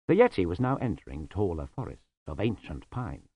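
A man narrating an audiobook in a deliberate, expressive way. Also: low voice, husky, dry recording.

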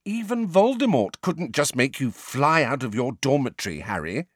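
A man voicing a clever, bossy teenage girl who talks briskly and lectures with exasperation. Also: medium pitch, big pitch swings, slightly rough, dry recording, clean studio sound, pitched above the performer's own voice.

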